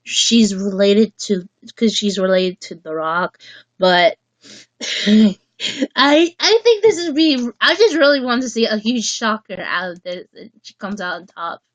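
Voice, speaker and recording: A woman hosting a casual livestream chat, rambling and halting as she restarts her sentences. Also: mid-range voice, animated, dry recording. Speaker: livestream host.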